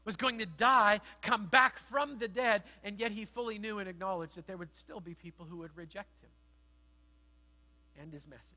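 A middle-aged man delivers a sermon as a pastor, his voice sitting high for a man. He talks like he is telling stories to friends, then leans into earnest emphasis. The recording sounds muffled and lo-fi. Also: moderate pace. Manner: conversational storytelling, building to earnest emphasis.

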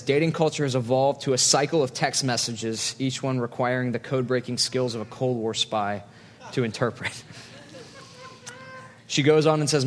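A man, a pastor, preaching a conversational sermon in a church and telling stories with quoted asides. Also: mid-range voice. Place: church hall. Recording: long hall reverb.

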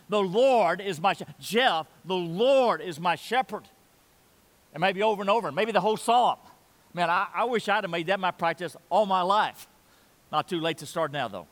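A man's voice: a little high, a bit bright, big-room sound. An older man in his sixties preaching a sermon in a church, earnest, repeating phrases and leading the congregation in saying lines aloud. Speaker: pastor.

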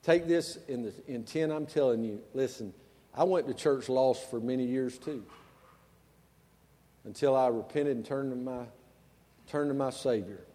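A man preaching a sermon in a church, folksy and conversational, swinging between quiet asides and loud emphasis. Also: medium pitch, moderate pace, long pauses, long reverb tail. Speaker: pastor. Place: church sanctuary.

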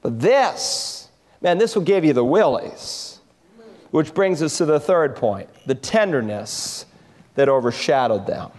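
A man preaching a sermon as pastor, expressive, sinking low and quiet for tender passages. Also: unhurried, big-room sound.

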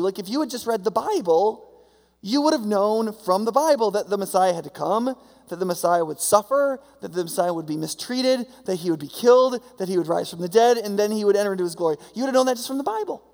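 Male pastor, conversational preaching style, high gravelly voice, recorded in an echoing hall. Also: animated, fast talker, darkish tone. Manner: conversational, frequent "right?" and "like". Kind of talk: sermon. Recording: long hall reverb.

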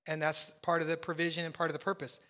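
A middle-aged man preaching a sermon as pastor, animated and acting out bits of dialogue. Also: on the high side, fast, long reverb tail.

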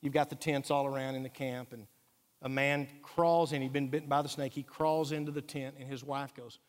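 A man pastor, preaching a sermon earnestly and emphatically, dropping quiet for key points. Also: mid-range voice, steady tone, a little fast. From Texas. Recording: echoey hall reverb.

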